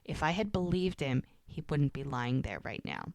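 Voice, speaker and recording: A woman co-hosting a podcast, chatting casually and retelling scenes with animated acted-out dialogue. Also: sits low, normal speed. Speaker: podcast co-host. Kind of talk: casual chat recapping a TV episode.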